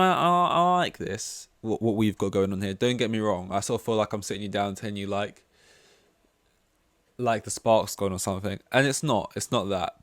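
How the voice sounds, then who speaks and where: A man talks through a casual solo podcast in a rambling, candid way, often poking fun at himself. His voice sits somewhat low. The sound is dry, with no room echo. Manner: rambling, candid and self-deprecating. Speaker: podcast host.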